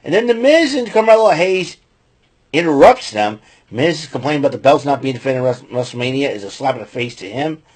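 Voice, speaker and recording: A man's voice: mid-range voice, very animated, brisk, darkish tone, slightly rough. A man hosting a podcast, giving a rambling casual recap with lots of fillers and restarts and blunt opinions. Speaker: podcast host recapping wrestling.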